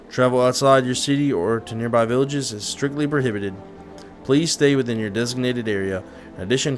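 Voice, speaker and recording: A man reading out an emergency radio bulletin from a game in an even, formal voice. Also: medium pitch, lightly acted. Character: emergency radio news announcer, official and formal.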